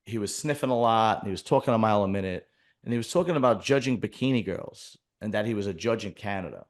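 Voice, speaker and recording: Male podcast host, low-pitched, blunt, rambling casual talk. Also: fast talker. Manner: rambling, blunt, many restarts. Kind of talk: casual chat.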